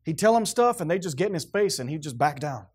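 A male preacher delivers his sermon in a stern, blunt, plainspoken voice that sits fairly high. He leans on repetition and short, emphatic phrases. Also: big pitch swings, fast talker, husky.

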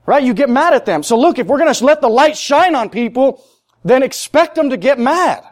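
A man preaching a sermon in a high voice. He talks plainly and repeats his points for stress. His delivery climbs to loud, emphatic peaks. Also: animated, moderate pace.

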